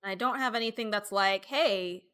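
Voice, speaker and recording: A woman streamer with a bright, lifted tone talks easily with her viewers. She thinks aloud as she goes, trailing off with fillers and reading out chat messages. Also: medium pitch, moderate pace, clean tone. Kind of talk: casual live-stream chat while deckbuilding.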